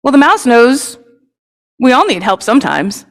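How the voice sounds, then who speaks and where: Woman worship leader, somewhat high, friendly and chatty, on a mic in a reverberant sanctuary. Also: normal speed. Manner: lively, chatty and inviting. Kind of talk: children's story in a service. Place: congregation sanctuary. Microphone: microphone.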